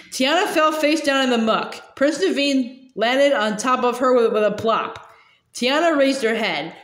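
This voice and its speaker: A woman reading a children's novel aloud, halting and repeating words with many uhs. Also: fairly high pitch, reverberant. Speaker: reader.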